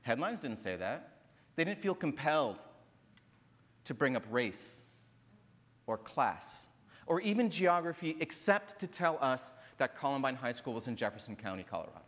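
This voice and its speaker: On stage in a large, reverberant lecture hall, a northern Minnesota author at a literary festival tells a personal story. His mid-range, slightly bright voice is very animated at a moderate pace, and he comes across as earnest and emphatic, repeating phrases and frequently adding "right?".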